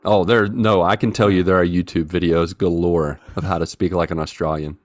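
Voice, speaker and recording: A man's voice: low voice, fairly even intonation, a little fast, dry recording, clean studio sound. A man co-hosting a podcast, chatting casually and joking as he reads out listener messages. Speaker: podcast co-host. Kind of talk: casual chat.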